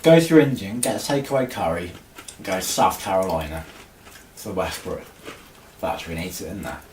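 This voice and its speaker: A man's voice: deep voice, a little fast, darkish tone. A man co-hosting a casual beer-tasting podcast, explaining the beers with dry, wry humour. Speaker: podcast co-host. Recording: roomy, distant mic, faint noise.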